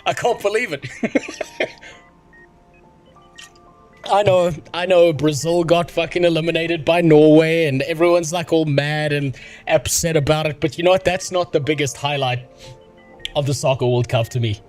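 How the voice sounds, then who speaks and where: A man's voice: fairly high pitch, normal speed, pauses often, faint music behind. A sick, medicated man from Africa, rambling and swearing through casual livestream chat as the host. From South Africa. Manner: profane, excitable, rambling. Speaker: streamer.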